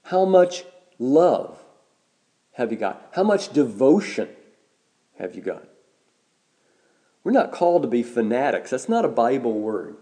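A man preaching a sermon as a pastor, measured and deliberate, slowing down to stress key words. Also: mid-range voice, big pitch swings, mellow.

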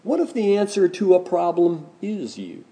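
A man's voice: sits high, big pitch swings, normal speed, mellow. A male pastor delivering a sermon, emphatic and questioning the congregation directly. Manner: emphatic preaching with rising, pointed questions.

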